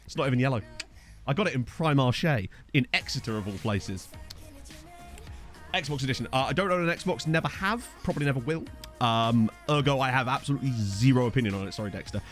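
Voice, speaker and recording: Lively, rambling man streaming a game. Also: mid-range voice, fairly quick, soft background music. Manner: chatty, rambling, thanks viewers, jokey. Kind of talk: casual live-stream chat over a game. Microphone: desk condenser microphone.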